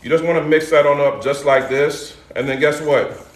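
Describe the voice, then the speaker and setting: A man's voice: a little high, fairly even intonation, normal speed, echoey room. A middle-aged man hosting a casual live cooking demo, loose and chatty, calling out to his viewers. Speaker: cooking show host. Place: home kitchen.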